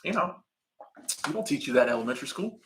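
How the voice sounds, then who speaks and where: A man's voice: medium pitch, very animated, quick pace, a bit bright, slight background noise. A man in his thirties hosting a casual live stream, reading viewer comments and chatting in a laid-back, slangy way.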